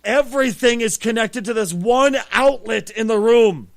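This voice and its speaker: A man's voice: very high-pitched, moderate pace, vocal fry, no echo, clean studio sound. A middle-aged man hosting a podcast, telling a profane story in a casual way and acting out what people said. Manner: profane, animated, acts out quotes. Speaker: podcast host.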